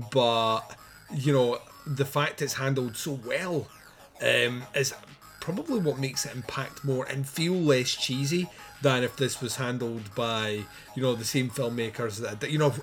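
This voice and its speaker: Rambling man chatting about films. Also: mid-range voice. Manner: rambling, swearing, many fillers and restarts. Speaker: podcast co-host. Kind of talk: casual film review chat.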